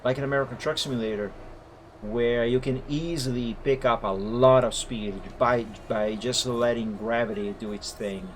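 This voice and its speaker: A man's voice: mid-range voice, fairly even intonation, normal speed, slight background noise. Man explaining gameplay footage step by step. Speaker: streamer and game server moderator. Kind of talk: live-stream commentary reviewing gameplay footage. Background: faint background music.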